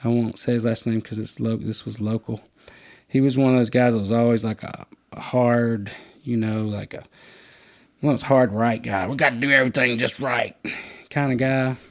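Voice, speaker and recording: Male podcast host, conversational and animated, mid-range voice. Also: normal speed. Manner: animated storyteller, acts out quotes in a higher voice. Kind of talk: casual storytelling chat.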